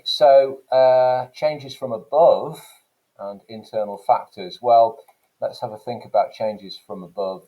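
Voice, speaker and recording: Low, mellow-voiced male English teacher. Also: low-quality recording. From England. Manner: explanatory, with frequent "okay" and "so" fillers. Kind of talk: classroom lecture.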